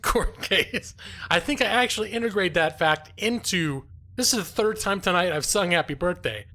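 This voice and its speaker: Man, live game stream commentary, joking and giggling, bright forceful voice, slightly high, faint music. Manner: jokey, giggly, self-mocking. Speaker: gaming streamer and lawyer.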